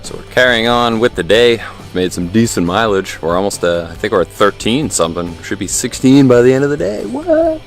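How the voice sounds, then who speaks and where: A man's voice: fairly low pitch, animated, brisk, few pauses, soft background music. A man talking casually to his camera while hiking a mountain trail, upbeat and easygoing, with plenty of ums and uhs. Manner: easygoing, upbeat, many fillers. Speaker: hiking vlogger. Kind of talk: casual outdoor vlog narration.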